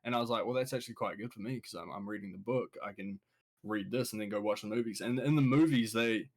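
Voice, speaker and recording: A man's voice: lowish voice, quick pace. A man with a New Zealand accent co-hosting a podcast, chatting casually, swearing often and laughing a lot. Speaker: podcast co-host. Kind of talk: casual chat.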